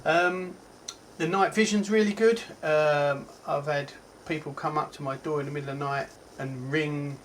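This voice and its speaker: An English tech reviewer with a Cockney accent rambles through a casual product review, chatty and peppered with ums and self-corrections. His voice is fairly high with fairly even intonation at a normal speed. The recording is rough, with slight background noise.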